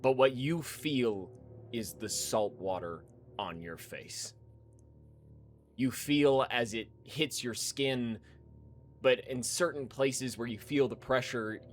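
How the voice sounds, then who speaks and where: Slow, dramatic male game master. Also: mid-range voice. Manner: vivid, dramatic narration. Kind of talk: narrating a tabletop game.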